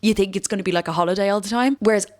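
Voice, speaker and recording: A woman's voice: medium pitch, racing, dry recording, clean studio sound. A young Irish woman vlogging at home, chatting to camera in a rambling, self-mocking way. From Ireland. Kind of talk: casual chat to camera. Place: room at home.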